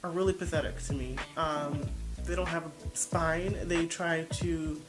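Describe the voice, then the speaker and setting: A woman's voice: low voice, steady tone, a little slow, music in the background. A woman vlogger giving casual reaction commentary, blunt and defensive, rambling as she searches for words.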